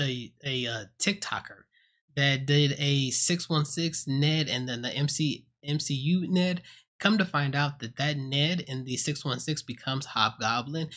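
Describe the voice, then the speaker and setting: A man's voice: a little high, fairly bright tone. A man giving a casual spoken movie review at home on a close mic, retelling scenes with jokes, swearing and acted-out quotes. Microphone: own desk mic, close.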